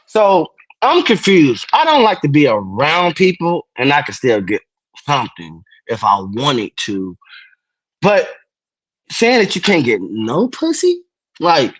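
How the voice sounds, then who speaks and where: A man's voice: a little high, breathy edge, no echo. A man hosting a livestream, rambling through crude, joking, teasing chat. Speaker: livestream host.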